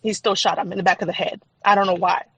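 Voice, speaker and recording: A woman's voice: mid-range voice, fairly even intonation, fast talker, fairly bright tone, husky, no echo. A woman guest on a podcast, telling her personal faith testimony in an emphatic, repetitive, testifying way.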